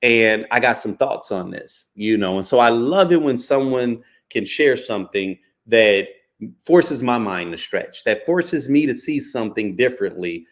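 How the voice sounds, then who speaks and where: A man riffs in a loose, conversational podcast monologue, with a voice sitting at an ordinary middle pitch for a man. His talk is animated and blunt, full of slang, swearing and constant "you know" and "right?" check-ins. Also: measured pace. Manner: casual and profane, slangy. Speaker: podcast host. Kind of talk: casual podcast commentary.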